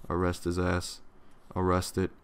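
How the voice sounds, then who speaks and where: A man's voice: low voice, monotone, unhurried, smooth. A young man giving casual, rambling gameplay commentary, swearing freely and yawning often. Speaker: let's play commentator.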